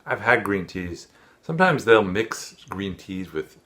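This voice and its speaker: A man's voice: lowish voice, sing-song, a little slow, a bit bright. A man casually reviewing teas in a chatty, rambling vlog. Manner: rambling, self-deprecating, chatty. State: out of breath.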